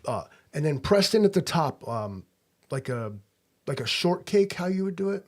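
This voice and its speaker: A man's voice: on the high side, sing-song, normal speed. An American man co-hosting a podcast, telling a long rambling travel story in casual chat. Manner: rambling storyteller, acts out quotes. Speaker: podcast co-host.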